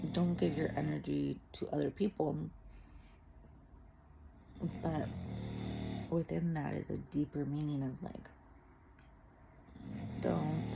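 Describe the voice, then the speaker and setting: Low gravelly woman vlogging candidly. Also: noisy background. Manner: rambling and candid, heavy on "like" and "you know"; laughs easily. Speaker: faith and mental health vlogger. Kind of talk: casual confessional vlog.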